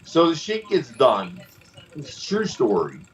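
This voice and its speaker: A man and former pro wrestler, co-hosting a show and telling stories in a casual, animated way, acting out other people's voices. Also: mid-range voice, measured pace, distant mic, lo-fi sound. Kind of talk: casual storytelling.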